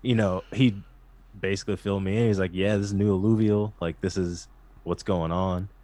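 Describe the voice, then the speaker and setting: A male musician guest chatting casually, excitable and slangy, with a heavy use of "like". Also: sits low, a little fast, no echo. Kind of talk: casual chat.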